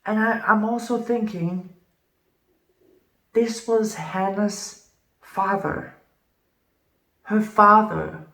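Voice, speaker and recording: A woman's voice: medium pitch, very slow, pauses often, pushed and bright. A woman giving casual, emphatic commentary on a true crime case. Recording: roomy, distant from mic.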